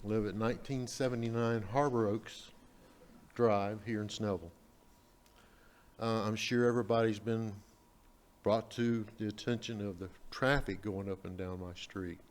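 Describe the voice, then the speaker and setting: A man with a lowish voice speaks as a local resident at a council meeting. He is earnest and a little hesitant. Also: fairly even intonation, normal speed. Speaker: resident giving public comment. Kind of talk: public comment at a meeting.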